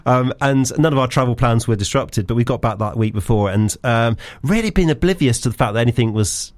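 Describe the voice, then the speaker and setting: Middle-aged male radio guest, mid-pitched, hesitant and rambling, fillers everywhere, dead-dry booth sound. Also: brisk, dry recording. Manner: hesitant, rambling, full of ums and restarts; laughs easily. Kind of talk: casual radio chat. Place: radio studio. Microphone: studio microphone.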